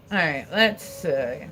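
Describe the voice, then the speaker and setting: There's a little background noise as a livestreamer from Pennsylvania, somewhere in their forties, talks loosely at home. Their medium, fairly bright voice wanders from thought to thought, stuffed with "like"s, frequent laughs, and casual profanity.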